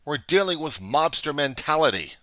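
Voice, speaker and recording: A man with a slightly high, sing-song voice, bright and forceful, gives a political commentary monologue at normal speed. The vlogger argues through rhetorical questions and acts out both sides. The recording is dry.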